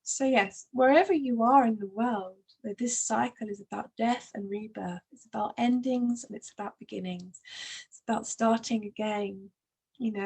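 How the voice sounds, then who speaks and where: A woman hosting a spiritual astrology talk, speaking in a soft, flowing way with many "you know"s. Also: mid-range voice, gravelly, breathy edge, poor audio. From Northern Hemisphere. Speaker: astrology channel host. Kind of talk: spiritual monologue to camera.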